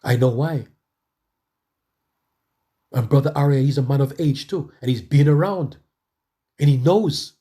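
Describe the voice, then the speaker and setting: A man's voice: mid-range voice, unhurried, pauses often, dark tone. A middle-aged man preaching a testimony sermon, conversational and emphatic, repeating phrases for emphasis.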